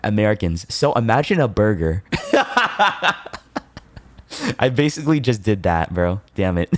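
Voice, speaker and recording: A deep-voiced man chatting on his stream in a loose, playful way. He laughs a lot, jumps between quick asides to his viewers, and teases them. The sound is dry and close. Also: expressive, a little mellow, dry recording. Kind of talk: casual chat with chat.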